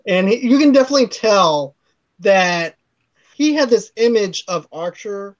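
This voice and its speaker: A man's voice: lively intonation, a little slow. Laughing man recapping a film, lo-fi sound. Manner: laughs often, acts out quotes in a low mumble. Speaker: podcast co-host. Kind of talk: casual chat recapping a film. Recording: dull lo-fi sound.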